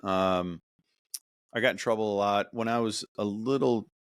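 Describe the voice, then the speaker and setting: A man hosting a casual podcast chat, enthusiastic and quick to laugh. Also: lowish voice, clear, resonant tone, dry recording, studio quality. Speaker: podcast host.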